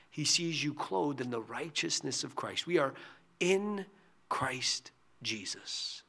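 A man who is a pastor, giving a short devotional sermon in an earnest way, often dropping to a hushed near-whisper on key phrases. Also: medium pitch, vocal fry.

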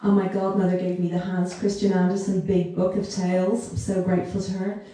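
A woman giving a warm, emotional launch speech to a crowd, laughing often and poking fun at herself. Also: fairly low pitch, level tone, a little fast. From Ireland. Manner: laughing, self-deprecating, fond of asides. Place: large hall in a castle. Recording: very echoey hall, voice far from the mic, crowd in the background.

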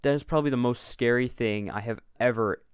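A man giving let's-play commentary on a video game, swinging from panicked yelling to calm, unhurried remarks. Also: mid-range voice, clear, resonant tone, no room sound, studio quality. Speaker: gaming video creator.

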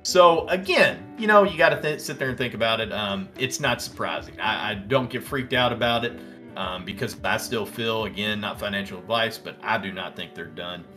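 A man with a Southern American accent hosting a casual live stock-trading stream, reading out ticker prices and answering viewers' chat with bursts of excitement. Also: fairly low pitch, normal speed, faint music behind. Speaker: stock trading livestream host. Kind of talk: casual live market commentary.

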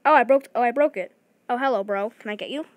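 A woman giving excited gameplay commentary, talking fast and restarting her sentences often. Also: on the high side, dry recording. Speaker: gaming video creator.

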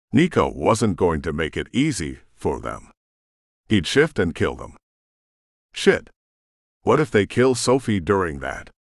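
Deep male narrator, lively delivery, dry close sound. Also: no echo. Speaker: audiobook narrator. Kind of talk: scripted audiobook narration.

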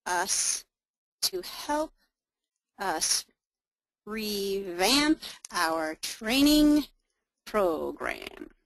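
A woman slowly dictating the lines of an excitable female training manager as she types them for an animated scene. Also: a little high, dry recording, exaggerated voice, poor audio. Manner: slow, word-by-word dictation while typing.

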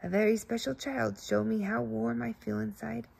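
A kind little boy bear cub who shares everything, gentle and friendly, as a woman reads him. The voice is husky with a gravelly edge. A warm storybook character. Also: on the high side, little pitch movement, moderate pace, exaggerated voice. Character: kind generous young male bear cub.

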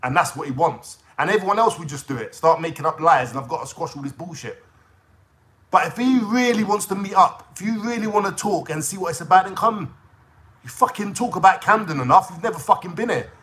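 A man's voice: high-pitched, expressive, brisk, a bit bright. A young man with a London accent, venting a profane, confrontational call-out rant straight to camera in street slang. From England. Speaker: YouTuber.

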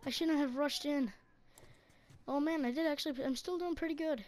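A woman with a fairly high voice keeps up an excitable stream of chatter while she plays, talking to herself and her teammates. It is casual gameplay commentary. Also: moderate pace, noisy background. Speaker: gaming channel host.

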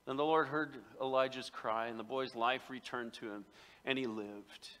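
A man's voice: mid-range voice, steady tone, normal speed, fairly bright tone. A man preaching a sermon as pastor, telling the story conversationally with humor and rhetorical questions. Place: church sanctuary. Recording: long reverb in a church.

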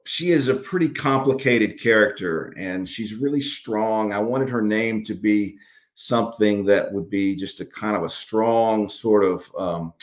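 His pitch sits on the low side and his pace is measured. He is an Alabama author with a Southern accent, taking interview questions via video call and rambling through them with frequent fillers and restarts.

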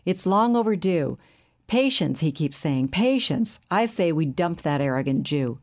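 A woman's voice: sits low, lively intonation, a little slow. A woman reading the lines of a portly, worried banker who grumbles impatiently. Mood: grumbling. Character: portly, florid, worried male London banker.

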